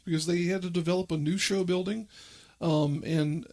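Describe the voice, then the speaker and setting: A man's voice: a little high, fairly even intonation, normal speed, a little mellow. A man hosting his own podcast, talking in a chatty, rambling way with fillers. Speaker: podcast host. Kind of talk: casual monologue.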